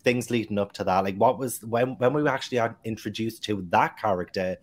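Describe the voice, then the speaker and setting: A man's voice: on the low side, fairly quick. A man with a British accent chatting casually in a book club discussion, rambling with lots of fillers. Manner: rambling, filler-heavy and animated.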